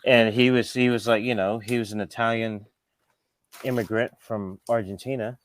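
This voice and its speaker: Low-voiced man telling loose stories. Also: fairly even intonation, normal speed, a little hiss or hum. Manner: loose, rambling, leans on "like" and "you know". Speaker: skateshop owner, interview guest. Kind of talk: casual storytelling in a sit-down interview.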